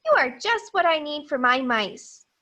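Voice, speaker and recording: A cheerful, eager little storybook boy with a bright, childlike voice, put on by a woman reading aloud. The voice sits high and moves slowly, like a picture book read to small children. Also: big pitch swings, full character voice.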